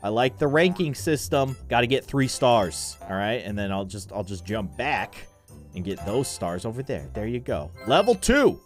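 Animated man doing game commentary. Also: lowish voice, moderate pace, faint music behind. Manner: animated, joking, mock-annoyed. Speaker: gaming video host. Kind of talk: playful gameplay commentary.

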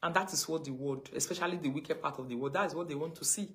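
Woman, Nigerian accent, fairly low pitch, livestream rant, mocking, loud then low. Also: fast. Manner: mocking, scolding, swings between loud and low. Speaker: livestream host.

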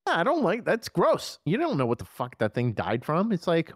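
A man talking casually on a horror podcast, his pitch swinging widely as he gets worked up. He swears freely and jumps into quick bits of acted-out dialogue. The sound is dry and close, with no room around it. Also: no room sound. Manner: animated, profane, excitable retelling. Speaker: podcast co-host. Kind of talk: casual movie review chat.

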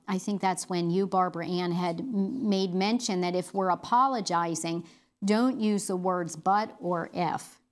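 A middle-aged woman leading a women's Bible study, talking earnestly and conversationally with fillers and restarts. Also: fairly low pitch.

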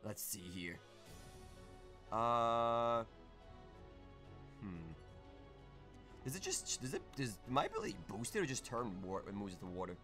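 A young man streaming live gameplay, talking through his moves and breaking into shouts when things go his way. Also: mid-range voice, a little slow, long pauses, faint music behind. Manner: excitable, bursts into shouts.

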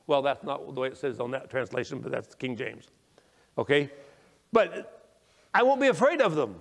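Preaching pastor in a reverberant church. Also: male voice, lively intonation, moderate pace, creaky, long pauses. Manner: emphatic preaching, rising when quoting scripture, dropping low and quiet to reflect; frequent "okay?" checks and stammered restarts. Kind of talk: sermon. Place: church sanctuary. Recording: long echoing reverb of a church hall.

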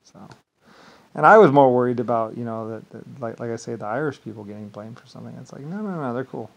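Man with an average-pitched voice, rambling grandly to camera, volume rising and falling. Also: fast, creaky, rough recording. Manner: meandering, repeats "like I said", swings between loud and quiet; grandiose, self-assured. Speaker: vlogger. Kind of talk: rambling solo monologue.

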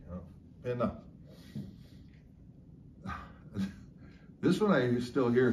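A man's voice: medium pitch, lively intonation, darkish tone, slight background noise. A man casually explaining local slang words, chuckling often as he talks. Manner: slow, chuckling, drawn-out storytelling. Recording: echoey room, slightly distant mic.

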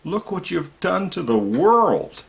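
Gravelly man ranting with big swings. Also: sing-song, takes it slowly. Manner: swings between loud outbursts and low muttering. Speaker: activist vlogger. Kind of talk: impassioned political monologue.

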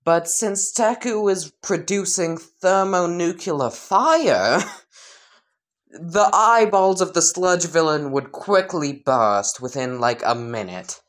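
A woman's voice: on the low side, animated, slow pace. A woman casually narrating a crude, rambling comedic fan story.

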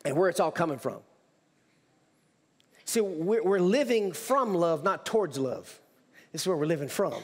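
A male pastor preaching a sermon in a church, emphatic, with repetitions and restarts. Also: on the high side. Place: church sanctuary. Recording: church hall reverb.

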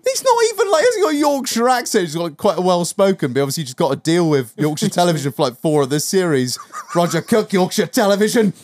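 A young man co-hosting a podcast, full of laughter as he tells a story. His pitch swings widely as he slips into impressions of a TV presenter. He speaks in loose, casual banter. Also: sing-song, fast talker, hardly any pauses, darkish tone. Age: under 35. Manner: laughing, mimics TV presenter in bursts. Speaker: podcast co-host.

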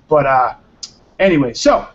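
A man's voice: mid-range voice, big pitch swings, a little slow. Tired, rambling male show host. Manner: rambling, loose and profane. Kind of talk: casual live web show chat. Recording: dull lo-fi stream audio.

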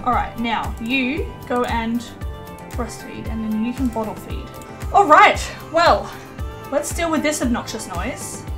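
A young woman casually commentating her life-sim gameplay, excitable and chatty, voicing her characters in quick asides. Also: on the high side, music in the background. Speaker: let's play host.

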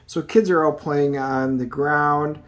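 A man's voice: fairly high pitch, steady tone, takes it slowly. A middle-aged man hosting a casual comic book review video, rambling through the plot with many ums and uhs.

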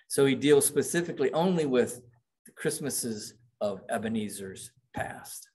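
A man's voice: medium pitch, expressive, moderate pace, a little mellow. Man preaching a sermon, dramatic readings. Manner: reads quoted passages aloud with dramatic emphasis. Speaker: pastor.

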